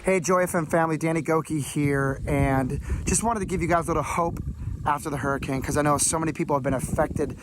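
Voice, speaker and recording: A man's voice: on the high side, steady tone, fast, background noise. A man in a recorded message, speaking earnestly and encouragingly. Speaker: guest sending a recorded message.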